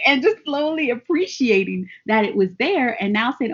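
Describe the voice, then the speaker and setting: A lively woman chatting on a podcast, bubbly and quick to laugh, playing out little excited quotes as she goes. Her voice sits a bit high and has a husky edge. The recording sounds slightly dull and muffled. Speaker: guest. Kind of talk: casual podcast chat.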